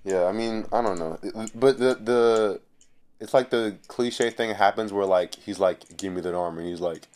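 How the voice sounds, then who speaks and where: A young man chatting casually on a podcast, skeptical and deadpan, often trailing off quietly. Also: on the low side, a little slow. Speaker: podcast co-host.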